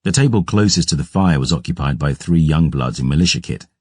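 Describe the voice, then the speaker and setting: A man giving gruff, measured first-person audiobook narration. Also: extremely low pitch, animated, a little mellow, dry recording, studio quality.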